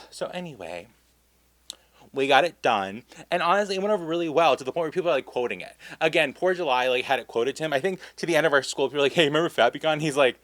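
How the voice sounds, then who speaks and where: A campy young man telling a casual storytime vlog, animated and full of asides and laughs. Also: fairly high pitch, fast talker, dry recording. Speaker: vlogger.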